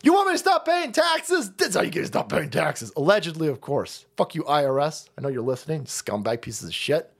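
Foul-mouthed man ranting, lively pitch. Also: a little fast, gravelly, few pauses. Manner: foul-mouthed, mocking, laughing, swings between loud and muttering. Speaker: streamer. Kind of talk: profane political rant.

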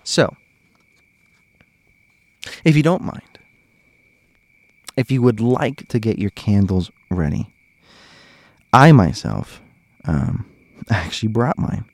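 A man hosts a podcast in a lowish, slightly mellow, expressive voice, speaking slowly and leaving long pauses. He chats casually and animatedly to listeners, chuckling often as he tells stories, with no room sound in the recording.

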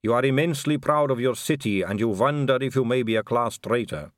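A man's voice: mid-range voice, fairly quick, no echo, studio quality, lightly acted. A man voicing a poised, middle-aged female vampire aristocrat, polite and gracious with a light teasing edge.

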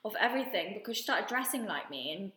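Animated woman telling a story, echoey room. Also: mid-range voice, fast talker. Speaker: podcast co-host. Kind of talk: casual chat.

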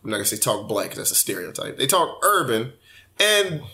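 A young man in casual podcast chat, telling stories with animated quoted voices. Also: mid-range voice, brisk.

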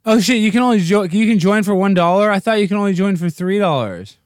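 A man hosting a livestream, rambling and joking, sometimes jumping into goofy high-pitched bits. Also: animated, fast talker, smooth, dry recording, clean studio sound. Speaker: livestream host. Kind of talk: casual livestream rant.

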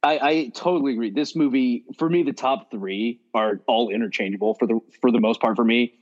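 A man co-hosting a podcast in casual chat, relaxed, swearing freely and asking questions. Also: medium pitch, fairly quick. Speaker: podcast co-host. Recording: dull lo-fi audio.

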